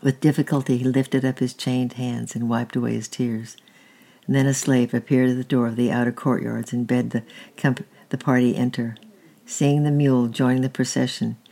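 A storyteller reading a historical tale aloud at an unhurried, steady pace, with a few slips. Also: medium pitch, creaky.

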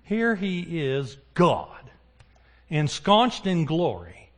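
A man's voice: fairly high pitch, drawn-out words. A man preaching a sermon. He keeps putting questions to the congregation and answering them himself. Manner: animated, asks the congregation questions.

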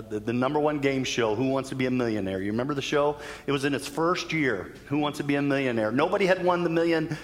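Male pastor, storytelling sermon delivery, a touch high-pitched, reverberant hall sound. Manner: storytelling, acts out quoted voices with laughs.

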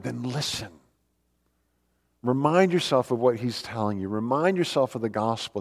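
A man's voice: medium pitch, big pitch swings, normal speed. Preaching man in a reverberant hall. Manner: earnest, emphatic preaching with rhetorical questions. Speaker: pastor. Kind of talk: sermon.

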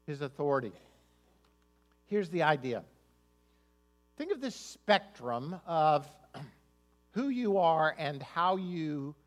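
High-voiced man preaching a sermon. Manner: conversational, repeats words when starting sentences. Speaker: pastor.

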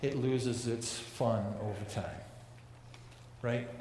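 A man's voice: mid-range voice, slow pace, a little mellow, a little hiss or hum. A man preaching a sermon as pastor, earnest and prone to repeating words and restarting his sentences. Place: large church hall. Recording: echoey hall with long reverb.

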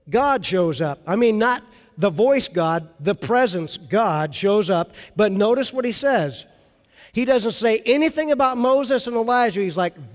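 A man preaching a sermon, telling the story with animated retelling and acted-out quotes. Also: high voice. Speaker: pastor. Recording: long hall reverb.

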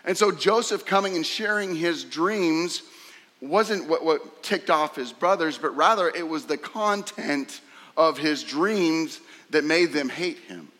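A man preaching a sermon, emphatic and fond of rhetorical questions, sometimes jumping sharply higher to act out a scornful voice. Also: expressive, measured pace, pushed and bright. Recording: long hall reverb.

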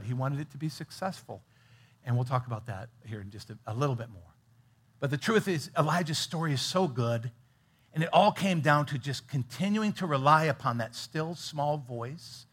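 A middle-aged pastor delivers a sermon in a husky, slightly breathy voice. He presses his points with sudden loud emphasis, then drops into hushed, intimate asides. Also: medium pitch. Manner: earnest, swings from loud emphasis to quiet asides.

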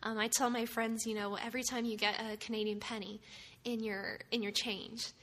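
A woman from the United States, a missionary speaker, giving an earnest, emotional personal testimony with soft laughs. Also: on the high side, level tone, moderate pace. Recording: long hall reverb, faint ambience.

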